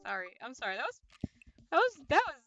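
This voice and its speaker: A woman streamer playing a game live, reading it aloud with animated, joking asides. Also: high-pitched, quick pace, dull audio, faint music behind.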